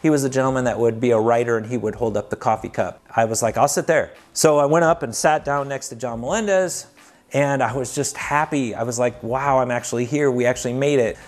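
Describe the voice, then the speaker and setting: A man recounts his own journey for a documentary. His voice sits at a middle pitch, and he talks in an earnest, heartfelt, conversational way, as if chatting with a friend. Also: brisk. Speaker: documentary narrator telling his own story. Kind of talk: personal storytelling.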